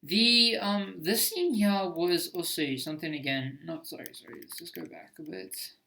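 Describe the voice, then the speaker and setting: A man's voice: fairly high pitch, sing-song, normal speed, gravelly, bright, forceful tone. A man giving casual commentary on his own homemade film, hesitant and self-critical, with many restarts.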